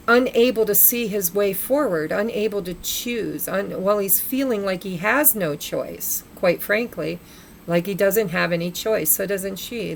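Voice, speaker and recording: Gravelly-voiced woman reading tarot cards. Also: lowish voice, slight background noise. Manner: muses aloud while drawing cards, addresses spirit and viewers. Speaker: tarot reader. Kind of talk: casual spoken tarot reading.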